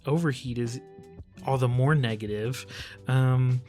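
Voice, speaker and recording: Relaxed man breaking down song lyrics. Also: medium pitch, measured pace, soft background music. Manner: relaxed, hesitant with many fillers, thinking aloud. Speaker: lyric analysis channel host. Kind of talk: casual analytical commentary.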